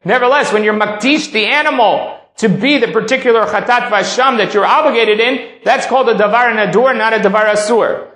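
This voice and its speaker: A man's voice: high-pitched, fairly quick, hardly any pauses, fairly bright tone. A man teaching a text-study class, reading a passage aloud and then explaining it step by step. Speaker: Talmud teacher. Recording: echoey room.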